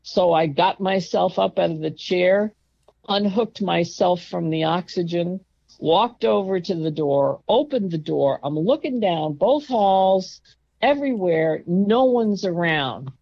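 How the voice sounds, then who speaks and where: An older woman recounts a personal story at an unhurried pace in a low, gravelly voice. She is emphatic and indignant and now and then raises her voice sharply. The recording is dry and a bit muffled. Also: animated, mellow, dry recording. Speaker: guest telling a personal story. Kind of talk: casual storytelling.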